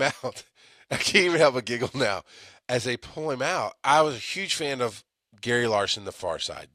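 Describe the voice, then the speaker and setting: A man's voice: medium pitch, fairly bright tone, no echo, studio quality. Rambling man telling an EMS story. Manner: rambling, many restarts, laughs at himself. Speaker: EMS podcast host. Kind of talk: casual storytelling monologue.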